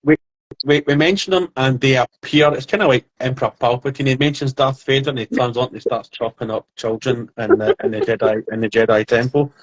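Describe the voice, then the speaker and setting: A man of medium pitch co-hosts a relaxed podcast. He jokes and ribs the others in easygoing banter. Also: fairly quick, highs cut off. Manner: joking, teasing banter. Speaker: podcast co-host. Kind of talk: casual chat.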